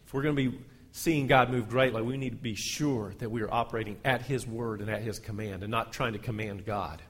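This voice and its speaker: A man's voice: medium pitch, steady tone, a little fast, a bit bright. A male pastor, reading scripture aloud in a sermon and lifting his voice on the quoted lines. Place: church sanctuary. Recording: long hall reverb.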